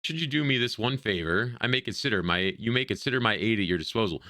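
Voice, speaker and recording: A man's voice: lowish voice, animated, quick pace, bright, forceful tone, no echo, studio quality. A man voicing a busy, long-winded male chef in a role-playing game, reading his stiff, formal lines aloud.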